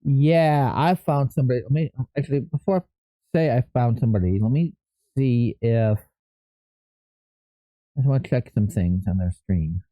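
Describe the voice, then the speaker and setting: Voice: mid-range voice, measured pace, mellow, dry recording. A live streamer chatting casually and thinking aloud, often stopping to correct themself.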